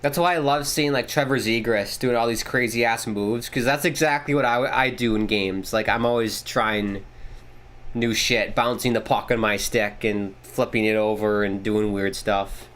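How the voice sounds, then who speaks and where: A man hosting a casual live watchalong, calling the play-by-play excitedly and swearing casually. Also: moderate pace. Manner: excitable, jumps pitch on big plays, swears casually. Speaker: watchalong host.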